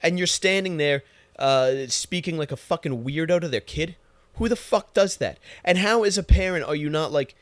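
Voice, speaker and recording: A man's voice: fairly high pitch, moderate pace, no room sound. A young man hosting a podcast, telling profane, sarcastic stories in an exasperated rant. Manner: crude, sarcastic, exasperated storytelling. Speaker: podcast host.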